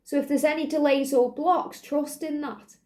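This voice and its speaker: Soft, mellow high-voiced woman reader. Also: steady tone, moderate pace. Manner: soothing, reassuring, repetitive phrasing. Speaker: psychic tarot reader. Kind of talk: spiritual card reading to viewers.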